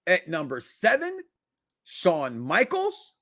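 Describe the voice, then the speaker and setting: A man hosting a wrestling podcast in casual chat, emphatic and counting down his list with dramatic pauses. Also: high voice, wildly swooping pitch, a bit bright, dry recording. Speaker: podcast host.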